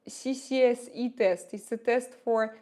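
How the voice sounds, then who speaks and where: Woman, Russian accent, slightly high voice; relaxed livestream host chatting with viewers over a phone or laptop mic. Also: measured pace. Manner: chatty, reads and answers viewer comments, laughs often. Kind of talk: casual livestream chat.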